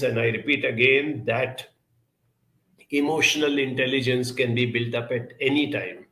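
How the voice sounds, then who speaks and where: A man answering audience questions in a reflective advice talk, speaking in a measured, deliberate way with frequent pauses. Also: medium pitch, a bit bright, reverberant, poor audio.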